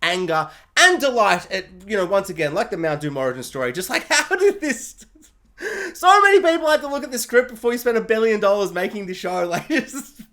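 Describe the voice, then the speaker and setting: Animated, ranting male reviewer. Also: sits high, fairly quick. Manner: exasperated, self-mocking, laughs often. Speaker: show reviewer.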